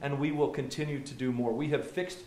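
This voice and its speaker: Speaking at medium pitch with a steady, dark tone and a slightly fast pace, this senator from Colorado tells stories in a political stump speech to a small crowd. He frequently restarts and repeats words. The recording has heavy echo and faint background noise.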